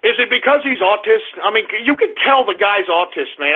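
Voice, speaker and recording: A man's voice: high-pitched, lively intonation, normal speed, hardly any pauses. A man hosting a talk radio show, ranting in a sarcastic, profane way. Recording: tinny phone-line sound.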